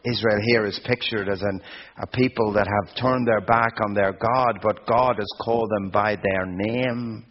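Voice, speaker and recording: A man preaching a sermon at a deliberate, unhurried pace, his voice carrying a husky edge. He builds emphatic, repeated phrases as he goes. The recording sounds dull and lo-fi. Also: on the low side, fairly even intonation.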